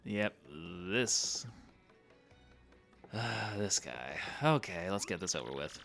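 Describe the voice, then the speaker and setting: A man's voice: fairly low pitch, big pitch swings, takes it slowly, gravelly, long pauses, fairly bright tone. A man streaming a game, chatting casually in a loose, joking, self-deprecating way and swearing now and then. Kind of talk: casual let's-play commentary.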